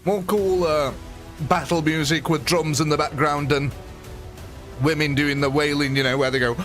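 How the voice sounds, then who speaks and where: A man hosting a live game stream banters and jokes with viewers, reads out their names and commentates, accompanied by game music. He speaks at a normal speed in a slightly high, fairly bright voice with a steady tone.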